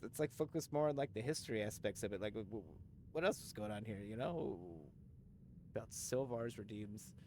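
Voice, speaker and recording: A man's voice: on the low side, expressive, normal speed, a little mellow, a little hiss or hum. A man streaming live, chatting casually with his viewers in a rambling, joking way, full of fillers, restarts and casual swearing. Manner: talks to chat, many fillers and restarts. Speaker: livestreamer.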